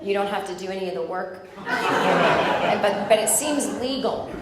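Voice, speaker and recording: A woman's voice: mid-range voice, normal speed. Woman in her forties, stand-up comic, chatty and rambling, very echoey live club sound, audience noise behind. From United States. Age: 40s. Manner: chatty, rambling, self-deprecating storytelling. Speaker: stand-up comedian. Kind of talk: stand-up comedy set. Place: comedy club stage. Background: audience laughter.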